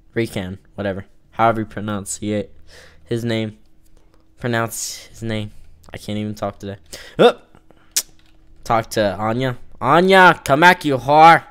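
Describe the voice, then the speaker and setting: A man's voice: fairly low pitch, a bit bright, clear, resonant tone. A man giving casual let's-play commentary, teasing and joking with the game's characters as he plays. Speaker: gamer playing an online role-playing game.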